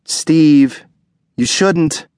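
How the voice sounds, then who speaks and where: A man puts on the raised, gentle voice of a young wife heavily pregnant with her first child. She frets and pleads in soft, anxious tones, in a dry, close audiobook recording. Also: fairly high pitch, extremely slow, clear, resonant tone, no echo, voice pushed up. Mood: worried. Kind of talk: audiobook character voice.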